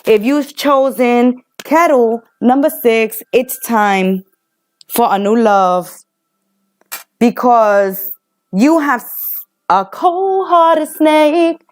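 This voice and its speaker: A woman's voice: fairly high pitch, drawn-out words, long pauses. A woman giving a general tarot reading, emphatic and repetitive, often acting out what the people in the reading would say. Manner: emphatic and repetitive, acts out quotes. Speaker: tarot reader.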